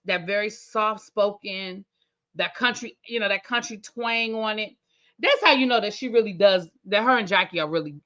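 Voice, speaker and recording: A woman hosts a TV review channel, recapping an episode in loose, chatty talk. She thinks aloud and speaks straight to her viewers, in a bright, forward voice. The sound is dull and lo-fi. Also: medium pitch. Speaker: TV review host. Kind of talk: casual recap chat.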